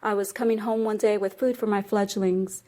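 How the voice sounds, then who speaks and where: A woman's voice: mid-range voice, fairly even intonation, moderate pace, dark tone, lightly acted. A woman reading aloud, voicing a grieving, resigned mother bird in a storybook tale. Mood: sorrowful.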